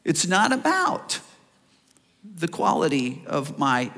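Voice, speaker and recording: A male pastor preaching a sermon, animated, acting out the voices of people in the story. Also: a little high, slow, creaky. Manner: animated preaching, acts out voices of listeners and Jesus. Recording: long reverb of a church hall.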